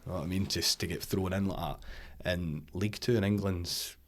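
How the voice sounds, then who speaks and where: A Scottish man in his forties, a former footballer guest on a podcast, telling lively stories, swearing freely and laughing often. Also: deep voice, fairly quick. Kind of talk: casual podcast interview.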